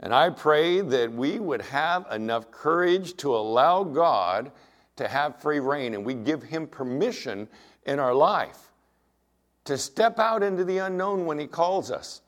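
A middle-aged man preaching a sermon as pastor, earnest and emphatic, weaving in personal anecdotes. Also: mid-range voice.

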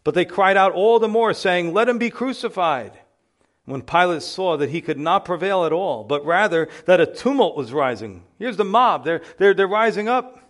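A male pastor preaching a sermon, building to loud emphatic exclamations. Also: a little high.

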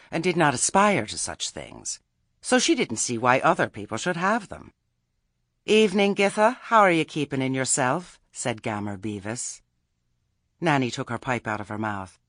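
A man's voice: mid-range voice, a bit bright, breathy edge, no echo, clean studio sound. A man reading a story aloud as narrator, with a wry telling. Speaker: audiobook narrator. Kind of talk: scripted narration.

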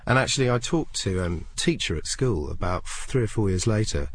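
A man in his thirties with a notably deep voice tells stories from his life in a relaxed interview. He's a lively storyteller who slips into other people's voices when quoting them. A faint background noise hangs under the recording. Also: brisk. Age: 30s. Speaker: comedian, interview guest. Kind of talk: casual anecdotal interview.

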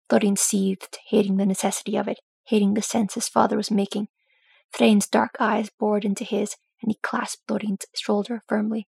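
A woman reading a fan fiction audiobook in a steady, even storytelling manner. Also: medium pitch, normal speed, creaky, husky, dry recording. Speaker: audiobook reader.

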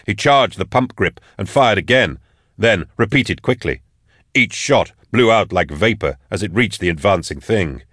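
Male audiobook narrator, low register, dry booth sound, measured delivery. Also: animated, fairly bright tone, no echo. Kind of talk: scripted narration.

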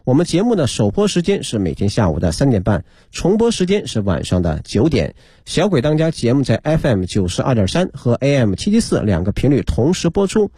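A man hosting a children's radio program, briskly announcing broadcast times. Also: medium pitch, huge pitch swings, warm tone, breathy edge, dry recording, studio quality. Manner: brisk, informative. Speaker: radio show host. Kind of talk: closing announcement.

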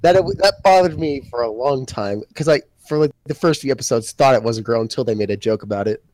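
A man's voice: mid-range voice, expressive, fast, darkish tone, no echo. A young man chatting casually with friends, blunt and swearing freely. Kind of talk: casual podcast chat.

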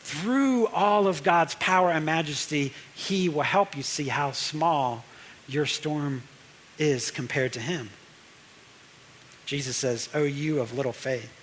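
A man's voice: a little high, takes it slowly, fairly bright tone, slight background noise. A man preaching a conversational sermon as a pastor, repeating phrases for emphasis.

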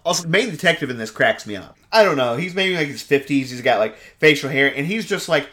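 A man's voice: fairly high pitch, lively intonation, a little fast, few pauses, bright, forceful tone. A man casually recapping a film plot on a podcast, rambling with lots of fillers and acting out lines. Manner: rambling, heavy use of "like", acts out quotes. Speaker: podcast co-host.

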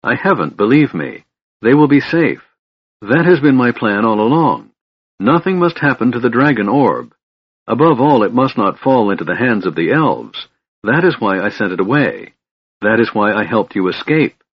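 A man's voice: on the low side, very animated, moderate pace, husky, dry recording, full character voice. A man reading the part of a secretive young female wilder elf, earnest and pleading, in an audiobook. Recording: muffled lo-fi recording.

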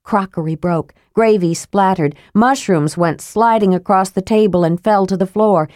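A woman narrating a fantasy audiobook in a measured, steady storytelling manner. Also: mid-range voice, no echo, studio quality.

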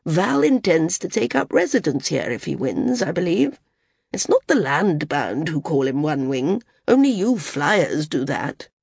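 A woman voicing an impassive older woman teacher who speaks evenly, calmly and firmly. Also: low-pitched, a little slow, vocal fry, breathy edge, dry recording, clean studio sound, heavily acted. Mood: measured. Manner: calm, even, cool and firm.

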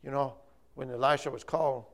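Gravelly man preaching an informal sermon. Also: mid-range voice, fairly even intonation, fairly quick. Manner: rambling, self-correcting, chatty.

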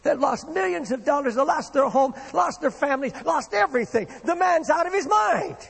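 A man's voice: extremely high pitch, animated, moderate pace, gravelly. A man preaching a sermon with impassioned, rising and falling delivery, in a church hall. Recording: long reverb of a hall.

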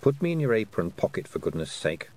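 A man reading an audiobook, voicing a small talking toad with a dry, slow, matter-of-fact manner. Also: on the low side, sing-song, a little mellow. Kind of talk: audiobook character voice.

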